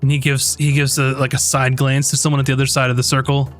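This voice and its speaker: A man narrating as game master in a tabletop game, in a relaxed, chatty way with many fillers. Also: mid-range voice, fast, soft background music.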